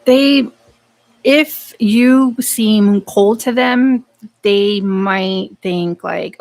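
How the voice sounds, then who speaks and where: A woman's voice: mid-range voice, extremely slow, a little mellow, dry recording. Blunt, swearing woman reading tarot cards. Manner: blunt, profane, talks to the cards and to herself. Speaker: tarot card reader. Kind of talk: live tarot reading, casual chat.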